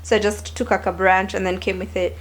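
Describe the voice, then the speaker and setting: A woman's voice: medium pitch, a little fast. A young woman, chatting casually and expressively to camera in a home vlog. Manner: chatty and expressive, with animated asides. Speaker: lifestyle vlogger.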